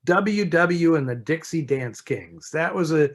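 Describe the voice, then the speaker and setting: A man answering listener questions as a film expert in a relaxed, conversational way, often restarting and saying "you know". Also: on the high side, a little slow. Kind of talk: casual chat.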